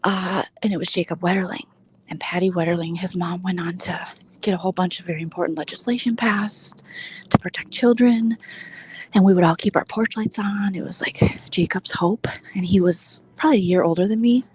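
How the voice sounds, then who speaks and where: A Minnesota vlogger in her forties chats casually on a live stream while walking through a big store, often dropping to a near whisper. Her voice is fairly low and steady, brisk, with a breathy edge.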